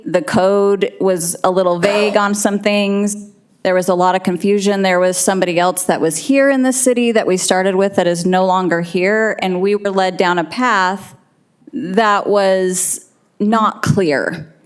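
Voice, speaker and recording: Woman, developer rep, low-pitched smooth voice, earnest public comment in a council chamber. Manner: earnest, explanatory, slightly shaky from cold. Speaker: developer representative.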